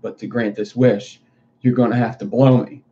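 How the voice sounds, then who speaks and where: A man doing a sly deadpan little trickster. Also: mid-range voice, moderate pace, lightly acted. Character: sly little male prankster posing as a leprechaun. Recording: dull lo-fi stream audio.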